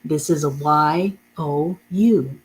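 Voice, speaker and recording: A woman's voice: low voice, slow, low-quality recording. A woman teaching a beginner reading lesson, patiently repeating and spelling out each word.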